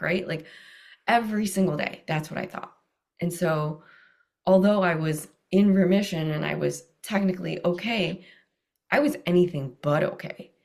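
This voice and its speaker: A woman in her thirties telling her story as an interview guest, animated and laughing often, jumping up in pitch when she quotes herself and others. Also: normal speed, creaky. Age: 30s.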